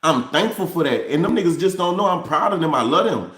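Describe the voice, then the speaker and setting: Talking directly to viewers as y'all, this New Orleans man tells a candid, repetitive story and keeps restarting phrases. He's on the high side, expressive, quick, and fairly bright-toned, and the sound is roomy.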